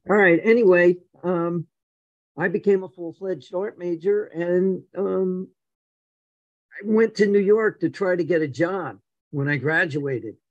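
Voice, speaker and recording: Older man telling stories with animated energy. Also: high voice, a little slow, no echo, highs cut off. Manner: animated, acts out quoted dialogue with stammered repeats. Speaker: guest. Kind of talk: casual storytelling.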